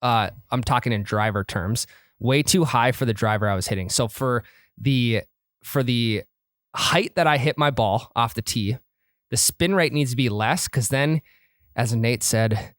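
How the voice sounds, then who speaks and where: A man co-hosting a casual golf podcast, animated and swearing freely as he tells stories. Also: mid-range voice, a little slow, no echo, clean studio sound. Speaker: podcast co-host.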